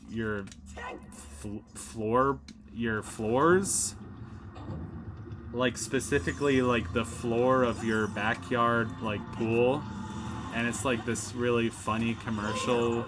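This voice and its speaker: A man's voice: medium pitch, background noise. A man hosting a casual let's play, rambling through gameplay commentary with lots of fillers and self-mocking asides, recorded at home.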